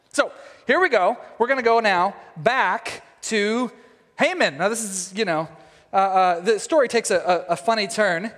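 A male pastor giving a sermon, retelling a story with lively, jokey asides. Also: high-pitched, unhurried, long reverb tail.

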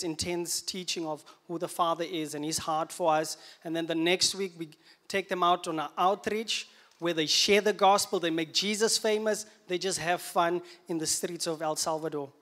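Upbeat man, high voice. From Namibia. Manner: enthusiastic, upbeat, energetic. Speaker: youth leader. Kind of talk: church announcement interview. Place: church service on stage.

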